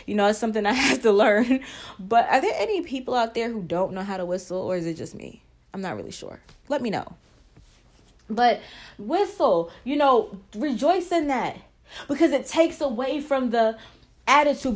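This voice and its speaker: A woman hosting a casual faith talk, earnest and encouraging, who breaks into short prayers as she speaks. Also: a little high. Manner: earnest, encouraging, prays aloud mid-talk. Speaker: faith and marriage podcast host.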